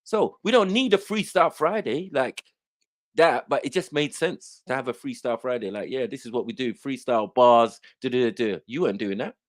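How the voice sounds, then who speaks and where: A man's voice: mid-range voice, fairly quick, no room sound, studio quality. A man hosting an online panel, ranting in a boastful, confrontational way and swearing a lot. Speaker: host of an online panel show. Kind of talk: heated casual rant.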